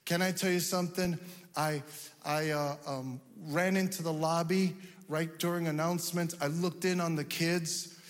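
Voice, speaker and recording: A man preaches a sermon to his congregation, his slightly high voice climbing into shouted emphasis at its peaks. The sound carries a long reverb from the church hall around him. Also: steady tone, moderate pace. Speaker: pastor.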